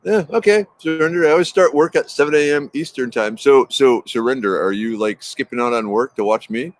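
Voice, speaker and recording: Traffic hums in the background as a man livestreams a casual morning session outdoors in his backyard. Speaking in a mid-range voice, a little fast, he rambles upbeat and greets viewers by name.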